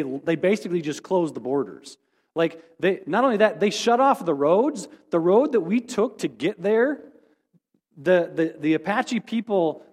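A man as pastor, giving a casual, rambling, self-deprecating sermon report. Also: on the high side. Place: church sanctuary. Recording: long hall reverb.

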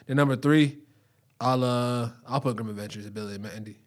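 A man's voice: mid-range voice, a little fast, a crowd in the background. A young man in casual chat with friends, speaking in slang and hesitating often. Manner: slangy, hesitant, laughs easily.

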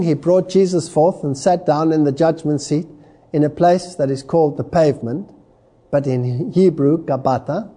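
Male preacher, high lively delivery, slow and emphatic sermon reading. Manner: slow, emphatic, dramatic swings in pitch.

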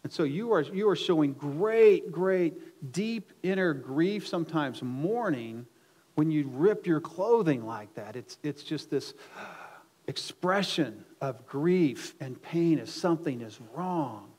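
Emphatic preacher, man, swinging loud and soft. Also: animated, takes it slowly. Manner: swings between loud emphatic exclamations and low quiet asides; repeats words on restarts. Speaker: pastor. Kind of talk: sermon.

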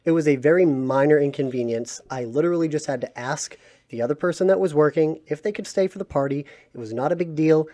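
A man's voice: on the high side, fast talker, warm tone. A man co-hosting a casual podcast, telling a story about himself in a wry, self-deprecating way. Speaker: podcast co-host. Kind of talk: casual chat.

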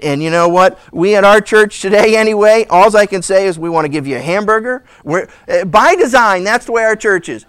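A man preaching with lots of energy, his voice sitting high. He keeps slipping into quick acted-out voices of worried churchgoers and of Jesus. The sound is dry and close, with no room echo. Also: clear, resonant tone. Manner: animated, acts out voices of people and Jesus. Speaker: pastor. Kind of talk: sermon.

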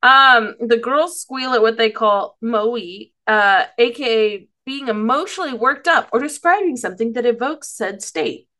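A woman's voice: fairly high pitch, normal speed, few pauses, pushed and bright. A woman casually recapping an episode, rambling and giggly, often losing her place. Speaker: podcast co-host.

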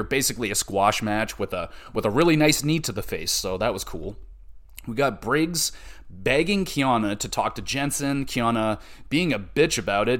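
A man's voice: medium pitch, fairly bright tone. A man hosting a solo podcast, recapping a show in a loose, chatty manner with plenty of swearing. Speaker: podcast host.

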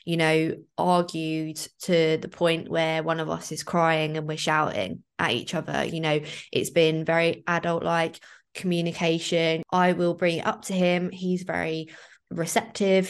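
Woman, podcast host, low voice, rambling casual storyteller. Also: flat delivery, a little slow, clean tone. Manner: chatty, storytelling with many fillers. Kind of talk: casual chat.

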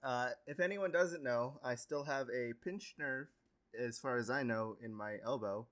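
A man's voice: mid-range voice, a little slow, a bit bright. Young podcast cohost guy, laid back, laughs a lot. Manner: easygoing, laughs often. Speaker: podcast co-host. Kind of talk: casual chat.

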